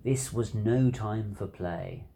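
Slow expressive storybook reader. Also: mid-range voice, creaky, slight background noise. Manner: expressive, drawn-out, rhythmic. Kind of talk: reading a children's picture book aloud.

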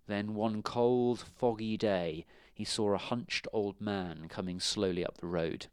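A man reading a children's storybook aloud in a measured, expressive way. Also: fairly low pitch, smooth, no echo, clean studio sound.

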